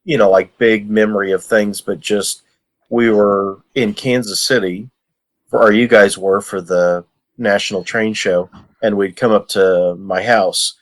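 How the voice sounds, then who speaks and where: A man's voice: lowish voice, fairly even intonation, measured pace. A man, a guest on a podcast, telling a story and acting out the lines he quotes. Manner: tells a story warmly, acts out lines and laughs. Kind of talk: casual anecdote.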